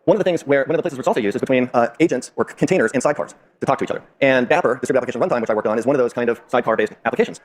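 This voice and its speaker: A man's voice: medium pitch, racing, few pauses. A man co-presenting at a tech talk, explaining engineering problems in an earnest, detailed way. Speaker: conference presenter. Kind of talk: technical explanation.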